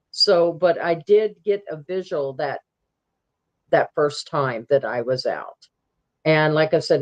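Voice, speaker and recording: A woman guest recounting a personal camping encounter in a halting way, with many ums and restarts. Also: low voice, darkish tone, highs cut off.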